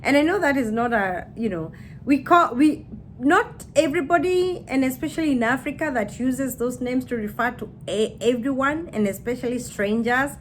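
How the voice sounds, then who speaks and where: A woman's voice: high-pitched, lively intonation, normal speed, a little hiss or hum. A woman chatting casually to her camera, laughing as she acts out what people say. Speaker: YouTuber.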